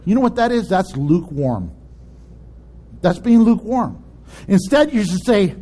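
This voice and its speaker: A male pastor preaching a sermon in an animated way, laughing often and acting out voices in his stories. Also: sits high, normal speed, long pauses.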